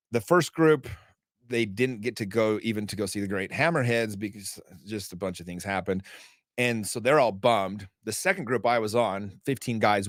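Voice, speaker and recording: A man guesting on a podcast, speaking in a somewhat low voice. He tells stories in a casual, emphatic way, swears freely and acts out the dialogue. The sound is dry and close to the mic. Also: a bit bright, dry recording. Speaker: podcast guest, author and men's group founder. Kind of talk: animated storytelling in conversation.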